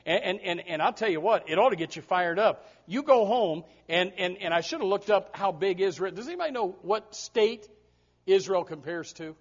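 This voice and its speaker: A man's voice: sits high, lively intonation, moderate pace. A male preacher from the United States giving an emphatic sermon to a congregation, often repeating words as he restarts. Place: church before a congregation. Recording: dull lo-fi recording.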